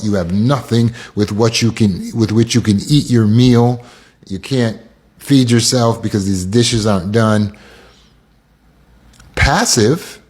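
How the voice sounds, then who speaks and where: Man, American accent, low voice, casual self-help teacher, acts out quotes. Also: darkish tone. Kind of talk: casual instructional talk.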